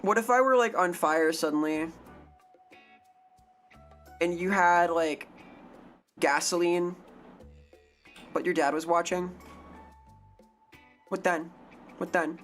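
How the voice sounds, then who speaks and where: A woman's voice: lowish voice, slow, long pauses, fairly bright tone, soft background music. A woman streaming live in a casual, silly way, swearing freely, her throat strained from too little sleep.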